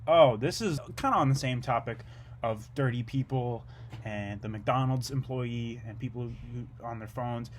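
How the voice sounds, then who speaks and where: A young man delivering a rambling, absurd comedic monologue in a low-key, deadpan way, drifting from one tangent to the next. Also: measured pace, a little hiss or hum.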